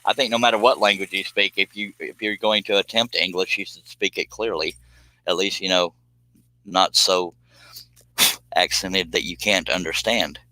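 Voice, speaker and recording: A man's voice: sits low, fairly even intonation, moderate pace, pushed and bright, no echo, low-quality recording. A man from the United States, chatting casually with viewers on a live stream, joking and rambling off on tangents. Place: home streaming space.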